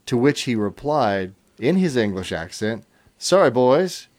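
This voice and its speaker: A middle-aged man with a lowish, unhurried voice hosts a radio call-in show. He reads listener stories and comments aloud on air, chuckling and using easy fillers in a relaxed storytelling manner.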